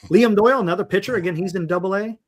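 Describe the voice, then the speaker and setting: A man's voice: high-pitched, rapid-fire. A man hosting a casual sports talk livestream, thinking aloud and reading names off a list in a rambling way. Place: home livestream setup. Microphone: desktop mic on a live stream.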